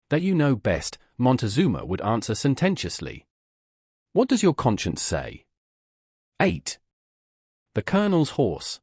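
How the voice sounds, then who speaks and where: A man narrating a classic story in an audiobook style, his husky voice rising and falling with lively expression. The sound is close and dry, with no room echo. He reads with clear, storytelling care. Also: medium pitch. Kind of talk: scripted narration of a classic tale.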